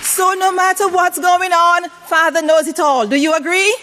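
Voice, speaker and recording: A woman's voice: steady tone, normal speed, pushed and bright, a little hiss or hum. A woman preaching a sermon, putting questions to the congregation and asking them to call out their answers. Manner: varies pitch widely for emphasis.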